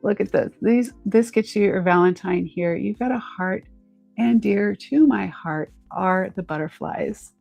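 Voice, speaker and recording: A woman's voice: medium pitch, a little slow, creaky, darkish tone, soft background music. A woman hosting a live jewelry auction stream, chatty and upbeat, talking straight to her viewers. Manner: chatty, upbeat, addresses viewers as "you guys". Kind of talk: live-stream selling chat.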